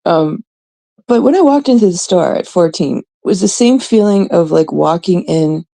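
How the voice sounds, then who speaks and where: A woman's voice: lowish voice, lively intonation, normal speed, vocal fry, dark tone, low-quality recording. A woman in her thirties, a host from Canada, telling a rambling, casual story full of swearing and quoted voices. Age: 30s.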